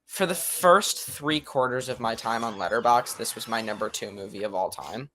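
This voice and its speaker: A man's voice: mid-range voice, expressive, normal speed, a bit bright, a little hiss or hum. Hedging young man chatting about films. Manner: hedging, lots of ums and qualifiers. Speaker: podcast co-host. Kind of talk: casual film chat.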